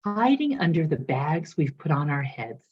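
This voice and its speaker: Expressive woman minister telling a story. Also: sits low, moderate pace. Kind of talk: sermon with storytelling. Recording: dull lo-fi recording.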